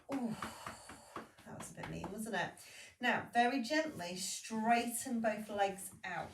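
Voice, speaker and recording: A woman leading a Pilates class, giving calm, steady cues and counting through each exercise. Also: fairly high pitch, slight background noise. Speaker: Pilates instructor. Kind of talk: guided exercise class instruction. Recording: echoey room, voice from a distance.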